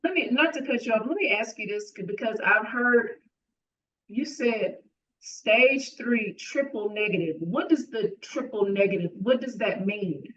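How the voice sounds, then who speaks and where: A woman's voice: fairly high pitch, expressive, a little slow, fairly bright tone, far from the mic. A woman hosting an interview podcast, asking questions and affirming her guest in a supportive way. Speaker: podcast host. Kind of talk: conversational interview. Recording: dull sound from farther off.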